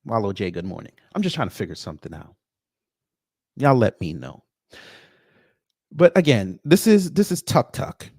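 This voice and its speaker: A man's voice: fairly low pitch, very animated, moderate pace, long pauses, darkish tone, husky, no echo, clean studio sound. Sarcastic man hosting a livestream. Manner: sarcastic, greets chat viewers by name. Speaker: livestream host. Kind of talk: commentary livestream.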